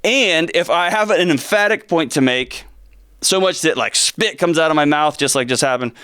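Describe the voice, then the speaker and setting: A middle-aged man hosting a talk show from a studio, talking with animated energy and sarcastic, joking asides. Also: on the high side, moderate pace, clear, resonant tone. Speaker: host. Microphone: close studio mic.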